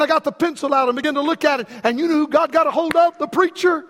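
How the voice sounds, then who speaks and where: A man's voice: extremely high pitch, quick pace, vocal fry, fairly bright tone. A man preaching a sermon with an impassioned, repetitive cadence. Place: church sanctuary. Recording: long reverb from a large hall.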